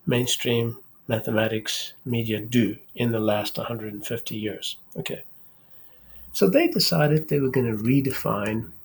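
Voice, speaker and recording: Slow gravelly man lecturing math. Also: medium pitch. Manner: slow, halting, repeats words, says "okay?" often. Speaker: math channel host.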